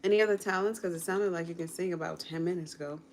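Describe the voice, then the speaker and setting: A woman's voice: on the low side, steady tone, fast talker, a little mellow, a little hiss or hum. Chatty woman coaching a singing lesson. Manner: chatty, encouraging, coaching step by step. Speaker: content creator and vocal coach. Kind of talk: casual livestream chat with a mini singing lesson. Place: home kitchen while cooking.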